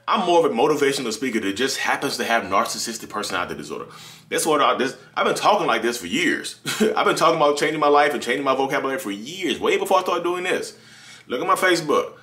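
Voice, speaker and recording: A man's voice: mid-range voice, expressive, fast talker, sharp tone. A man hosting a casual motivational monologue, emphatic and repeating phrases to his listeners. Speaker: podcast host.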